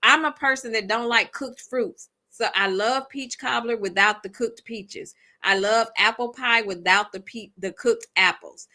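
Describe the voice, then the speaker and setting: Bright-voiced woman, reflective chat. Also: fairly high pitch, measured pace, few pauses. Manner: heartfelt, reflective, many ums. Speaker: vlogger. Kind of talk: casual chat.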